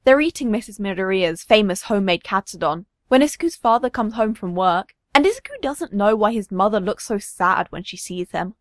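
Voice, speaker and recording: A woman narrating a story, reading with expressive, varied intonation. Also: mid-range voice, fairly quick, few pauses, no echo.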